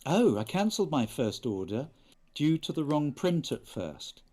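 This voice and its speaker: A man's voice: a little high, very animated, a little slow, a little mellow. A man from England chatting casually and playfully on a live stream while he signs prints for fans. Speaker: actor signing prints for fans.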